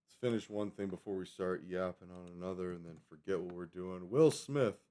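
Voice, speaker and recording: A man in his thirties chats casually on a live stream, his deep, mellow voice clean in tone and brisk in pace. He rambles from one topic to the next, digressing freely and correcting himself along the way.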